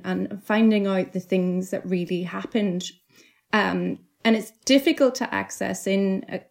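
A woman's voice: medium pitch, darkish tone. A middle-aged Northern Irish woman, a novelist, talking earnestly and reflectively as an interview guest, often restarting her sentences. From Northern Ireland. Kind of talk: interview conversation.

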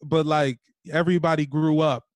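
A man's voice: fairly high pitch, steady tone, moderate pace, no room sound, clean studio sound. A man co-hosting a podcast, chatting casually and laughing along.

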